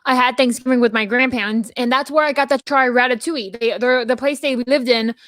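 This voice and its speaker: A woman's voice: fairly high pitch, a little fast, no echo, clean studio sound. Chatty woman rambling through a story. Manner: rambling, animated storytelling with many restarts. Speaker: podcast co-host. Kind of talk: casual chat.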